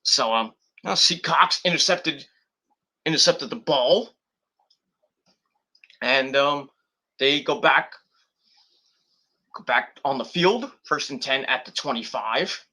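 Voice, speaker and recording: Sharp-toned rambling male streamer. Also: medium pitch, animated, takes it slowly, long pauses. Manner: rambling, profane, heavy with fillers and restarts. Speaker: wrestling show reviewer and streamer. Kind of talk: casual live-stream commentary.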